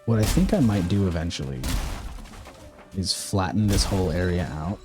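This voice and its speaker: A man's voice: low voice, normal speed, over music. A man from the American Midwest streaming a game, chatting casually and rambling while answering his chat. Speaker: live streamer.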